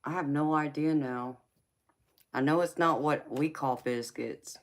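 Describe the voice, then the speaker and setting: A woman from the United States with a low-pitched voice hosts a casual livestream at a measured pace. She chats with viewers, laughs often, and calls them honey and sweetheart.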